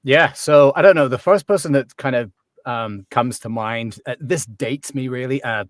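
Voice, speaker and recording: A man from England talks in an English accent worn toward transatlantic by years abroad. He explains accents in a relaxed, wry way, pausing on ums and restarting sentences. His voice sits at an ordinary pitch and sounds close and dry, with no room around it. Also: no room sound. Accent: English, softened toward transatlantic after years in Canada. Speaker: accent coach and guest. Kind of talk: casual interview chat.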